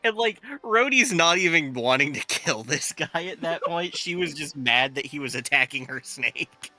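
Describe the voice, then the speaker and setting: A man's voice: on the high side, animated, normal speed, pushed and bright, dry recording, faint music behind. A man playing a tabletop game, chatting casually and explaining what his character does. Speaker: player.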